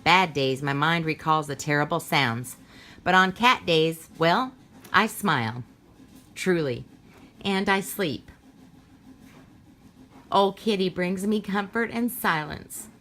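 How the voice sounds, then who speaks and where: Lady reading as a tired old war vet, low and halting, slow. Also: a bit bright. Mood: weary. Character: weary homeless male war veteran.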